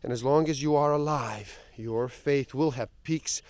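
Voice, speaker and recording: A man reading passages of a spiritual book aloud in a slow, reflective way. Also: medium pitch, darkish tone, no echo.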